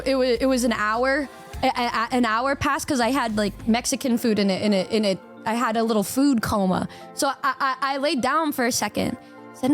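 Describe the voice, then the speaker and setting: A young woman streamer chatting to her viewers, rambling and excitable, with a lot of stammered restarts. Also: high-pitched. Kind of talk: casual stream chat.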